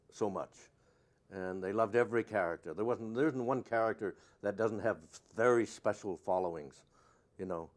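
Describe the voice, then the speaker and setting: An older man, an actor being interviewed, answering in a rambling, anecdotal way. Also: fairly low pitch.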